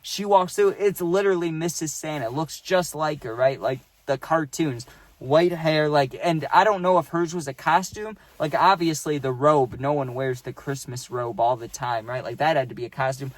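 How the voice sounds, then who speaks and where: A man's voice: on the high side, normal speed, no echo. A young man casually telling a workplace story, rambling and profane and checking in with "right?".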